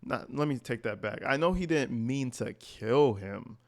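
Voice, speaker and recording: A man's voice: medium pitch, a little slow. Guy ranting on his commentary channel, cursing a lot, blunt and fired up. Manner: blunt, profane, animated ranting. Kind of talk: reaction commentary.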